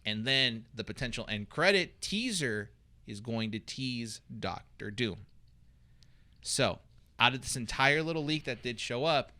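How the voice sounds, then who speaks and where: A man's voice: mid-range voice, expressive, a little slow, pushed and bright. A man hosting a podcast in casual chat, steering the conversation and moving topics along. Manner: steers the talk, moves things along. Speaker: podcast host.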